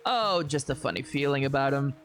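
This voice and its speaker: A streamer voicing a calm, sly man with a pistol, speaking low and measured in a visual novel read-aloud. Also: faint music behind, natural voice.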